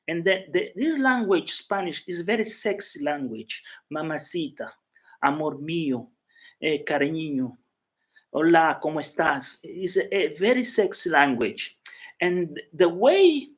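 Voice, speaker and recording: A man from Africa hosting a casual live chat from his flat, rambling and emotional as he talks to viewers by name. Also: sits high. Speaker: YouTube livestream host.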